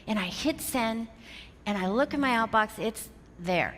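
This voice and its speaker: A woman's voice: fairly high pitch, unhurried. Woman storyteller in a reverberant hall. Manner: animated, retells dialogue in quotes, builds to emphatic lessons. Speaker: motivational speaker. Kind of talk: storytelling motivational talk. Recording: reverberant hall, faint background noise.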